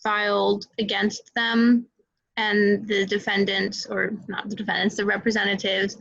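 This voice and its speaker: A woman's voice: medium pitch, flat delivery, a little slow, vocal fry, a bit bright, dry recording, highs cut off. A woman answering in a law class, hesitant, with fillers and self-corrections. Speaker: law student.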